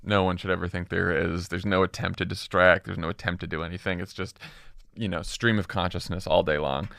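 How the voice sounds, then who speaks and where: A man's voice: deep voice, gravelly, a bit bright, dry recording, studio quality. A man co-hosting a casual political podcast, sardonic and often laughing. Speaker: co-host.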